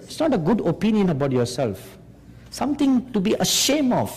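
A man preaching a sermon, slow and emphatic, pressing his listeners with rhetorical questions. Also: high-pitched, huge pitch swings, darkish tone, breathy edge. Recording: long hall reverb.

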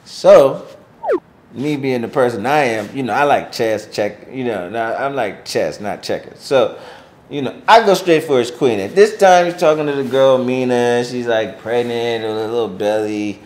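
Animated man telling a street story. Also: medium pitch, normal speed, slight background noise. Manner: animated, acts out quotes in raised voice; slangy, filler-heavy speech. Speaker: interview guest. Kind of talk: casual storytelling.

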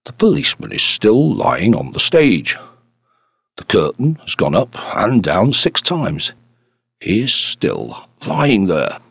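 Guy reading a stern stage actor, slow and measured, dry sound. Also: lowish voice, wildly swooping pitch, gravelly, slightly rough, no echo, exaggerated voice.

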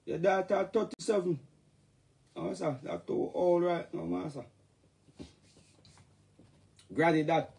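A man's voice: high voice, slow, creaky, long pauses, a little mellow. A middle-aged man with a Jamaican accent, talking in patois on a casual, joking livestream rant.

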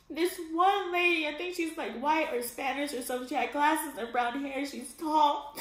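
Tearful high-voiced woman in an echoey room. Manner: tearful, breaks into crying laughs, swears casually. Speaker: vlogger. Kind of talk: emotional personal storytelling.

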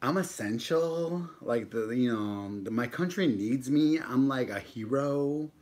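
A man's voice: mid-range voice, measured pace, a little mellow. Laid-back joking man on a live stream. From United States. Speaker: mukbang YouTuber. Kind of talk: casual live-stream chat while eating.

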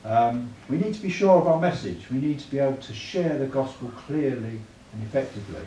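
A man's voice: mid-range voice, expressive, a little fast, mellow. Man teaching in an echoey hall. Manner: chatty, asks the room tag questions. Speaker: church evangelism teacher. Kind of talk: church training talk. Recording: echoey room, mic far off, clear noise.

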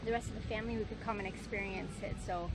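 A woman's voice: medium pitch, fast, over loud music. A woman vlogging outdoors on a farm, chatting casually to the camera and cooing in baby talk at the animals. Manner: coos and baby-talks to animals, excitable. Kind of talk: casual vlog chat.

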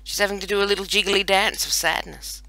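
A man's voice: high-pitched, steady tone, fast, creaky, bright, forceful tone, no room sound. An Australian man around forty, chatting playfully and mocking himself as he plays a video game. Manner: chatty, self-mocking, playful running banter. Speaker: let's play host. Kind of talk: casual gameplay commentary.

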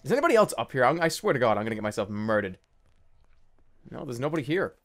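A young man commentating a stealth game he is playing, jittery and excitable, with nervous laughs and yelps. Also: mid-range voice, fast. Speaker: gaming video host. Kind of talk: let's play commentary.

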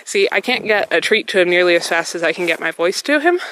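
A fast-talking woman with a lowish, expressive, slightly bright voice narrates a casual vlog while walking her dog along a snowy outdoor trail. She's a bit winded, chatty, and keeps complimenting the dog, and the recording is rough.

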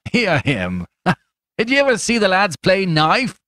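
A man's voice: sits high, huge pitch swings, takes it slowly, dry recording, clean studio sound, voice pushed up, exaggerated voice. A man voicing a coarse, bullying stranger who mocks his companion in a raised, jeering voice. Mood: taunting. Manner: mocking, taunting, loud. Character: coarse, bullying small pale male stranger.

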